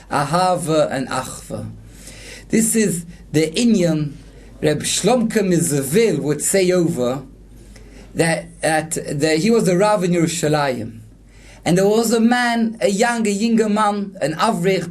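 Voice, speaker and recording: A man's voice: high voice, darkish tone. Male rabbi, earnest sermon delivery, storytelling, glosses each Hebrew term in plain speech. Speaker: rabbi giving a Torah class.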